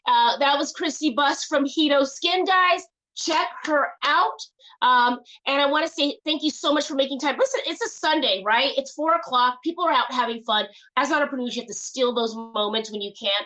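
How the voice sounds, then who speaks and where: Woman host rambling casually, bright and forceful, kinda high, lots of ums and restarts. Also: normal speed, low-quality recording. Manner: chatty, rambling with many fillers and restarts. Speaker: show host. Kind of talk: casual live show chat.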